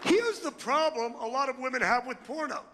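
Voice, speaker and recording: A man's voice: very high voice, animated, a little fast, very noisy. A brash, crude male stand-up comedian doing a routine with crowd work on a comedy club stage. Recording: long hall reverb.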